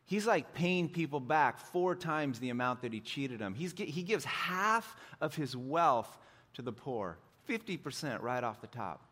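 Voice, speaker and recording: A man's voice: mid-range voice, lively intonation, unhurried, a bit bright. A middle-aged man preaching a sermon in a church, joking and conversational, poking fun at himself. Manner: joking, conversational, self-deprecating. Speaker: pastor.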